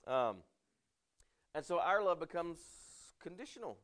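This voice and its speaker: A man preaching a conversational sermon, reading scripture slowly and loudly, then talking with the congregation using questions, fillers and restarts. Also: a little high, sing-song. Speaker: pastor.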